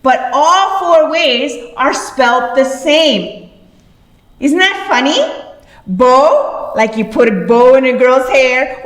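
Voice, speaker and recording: A high-voiced woman teacher talks slowly and patiently, repeating each word as she explains it. She sounds set back from the mic in an echoey room with a long ring. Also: fairly bright tone, distant mic. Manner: slow, patient, repeats words. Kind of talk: classroom lesson explaining words.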